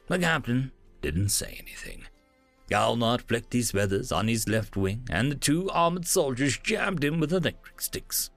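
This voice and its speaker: A man reads a science-fiction story aloud with a gravelly, rough edge and a lively, rising-and-falling delivery. The recording is dry and close, with soft music underneath. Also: medium pitch, measured pace, no echo. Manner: animated storytelling. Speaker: narrator. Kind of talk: scripted story narration.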